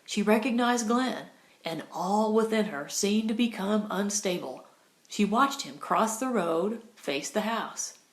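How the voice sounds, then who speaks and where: A woman narrating an audiobook in a measured, expressive storytelling manner. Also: mid-range voice. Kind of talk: scripted narration. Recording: roomy echo.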